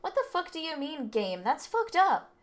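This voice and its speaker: A woman reading a hot-headed delinquent teenage boy who yells and swears aggressively. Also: high voice, animated, fairly quick. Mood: angry. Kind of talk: reading game dialogue aloud.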